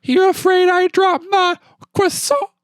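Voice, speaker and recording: A man putting on the voice of a cheeky, taunting little boy in a shrill, cracking falsetto. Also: level tone, unhurried, no room sound, studio quality.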